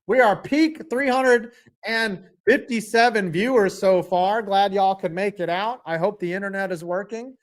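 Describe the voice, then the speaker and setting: A man streaming a live football reaction, excitable and rambling, swinging from loud outbursts to low mutters. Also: moderate pace. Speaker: sports streamer.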